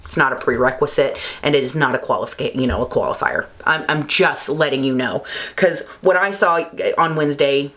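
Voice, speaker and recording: A woman vlogger delivering a heated, emphatic political rant, swearing, her voice climbing high when worked up. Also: a little fast, a bit bright.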